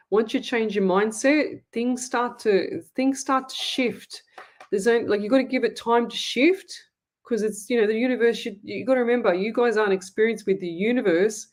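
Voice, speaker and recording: An Australian woman hosting a live-stream, reading out viewer comments and answering them in a blunt, emphatic way. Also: medium pitch. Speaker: psychic medium host.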